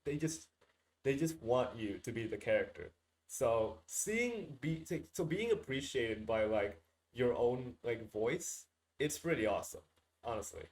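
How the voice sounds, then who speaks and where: A man's voice: mid-range voice, lively intonation, measured pace, rough recording. A man co-hosting a podcast, chatting in a loose, rambling, friendly way. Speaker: podcast co-host. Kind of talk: casual podcast conversation.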